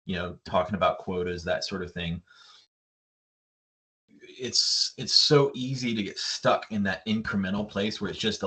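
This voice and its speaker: A man's voice: on the low side, moderate pace, pushed and bright. A man, a yacht designer, talking reflectively as an interview guest and retelling a story at length. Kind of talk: conversational interview.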